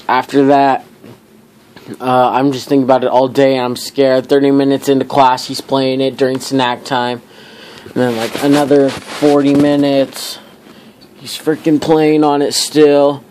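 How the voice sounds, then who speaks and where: A man's voice: mid-range voice, fairly even intonation, a little slow, darkish tone. A young adult man vlogging, telling a casual story in a rambling way, with lots of filler words and frequent swearing.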